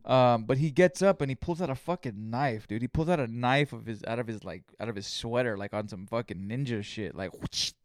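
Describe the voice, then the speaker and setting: A man talks through a solo podcast episode, drifting from story to story and swearing freely. His mid-pitched voice is smooth and resonant. The sound is dry and close to the mic. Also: a little fast, hardly any pauses, dry recording. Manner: rambling storytelling, heavy swearing. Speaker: podcast host. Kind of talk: casual solo podcast monologue.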